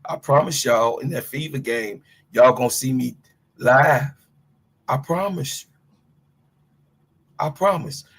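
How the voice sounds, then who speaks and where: A man's voice: medium pitch, slow pace, pauses often, fairly bright tone, breathy edge. A middle-aged man from Chicago giving a fiery, profane sports rant to his livestream chat. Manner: fiery, profane, preachy, talks straight to chat.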